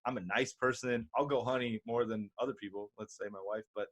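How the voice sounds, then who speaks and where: A man's voice: medium pitch, steady tone, a little fast, over a noisy crowd. A man talking in a casual podcast chat, blunt and joking as he argues back. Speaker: podcast guest.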